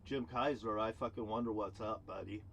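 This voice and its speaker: A man delivering an angry, profane rant to camera as a vlogger. He swings between loud outbursts and low muttering, recorded outdoors near a cruise ship terminal. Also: fairly even intonation, a little fast, creaky, slight background noise.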